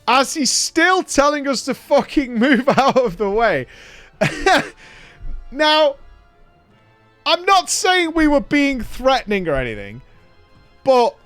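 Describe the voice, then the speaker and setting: A man with a high-sitting voice hosts a casual podcast, telling a story in an animated way, swearing a lot and laughing his way through it. There's no echo on the recording.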